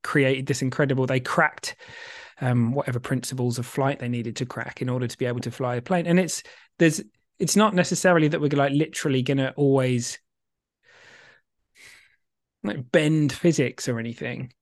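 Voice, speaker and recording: Animated man explaining on a podcast. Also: medium pitch, moderate pace, no echo, clean studio sound. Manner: animated, emphatic, casually swearing. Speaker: podcast co-host. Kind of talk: casual explanatory chat.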